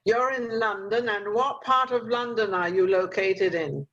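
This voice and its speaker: An older woman hosts a talk show interview over a video call, chatty and motherly as she offers advice, with plenty of fillers. Her voice is medium-pitched and a bit bright, at a measured pace, and the call audio is muffled.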